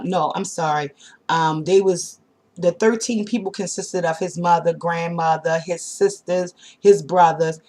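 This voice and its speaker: A woman casually telling a personal story to her viewers, animated and slangy, talking straight to the camera. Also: lowish voice. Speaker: vlogger.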